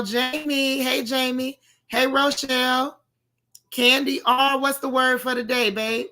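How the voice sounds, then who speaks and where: A woman's voice: sits high, fairly even intonation, a little slow. Chatty woman hosting a livestream. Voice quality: throat recovering. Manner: warm, chatty, Southern-style slang, calls viewers y'all. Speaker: livestream host. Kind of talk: casual livestream chat greeting viewers. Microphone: live stream mic with sound trouble.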